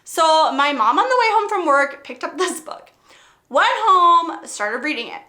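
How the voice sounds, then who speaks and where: Woman, high-pitched, book reviewer, casual chat, excitable storyteller, emphatic. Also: measured pace. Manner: excitable storyteller, acts out quotes; emphatic and pleading.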